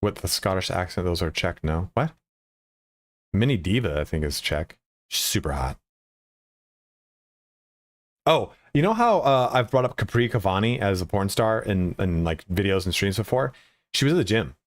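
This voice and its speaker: A man's voice: low-pitched, big pitch swings, normal speed, pauses often, no echo. A man chatting casually and profanely with viewers as a game streamer, rambling with lots of filler words.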